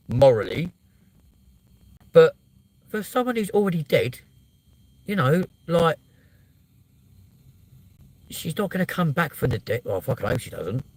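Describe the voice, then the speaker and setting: Animated, sweary man ranting. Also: medium pitch, poor audio. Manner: swears a lot, animated and blunt. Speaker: vlogger. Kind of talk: casual ranting monologue.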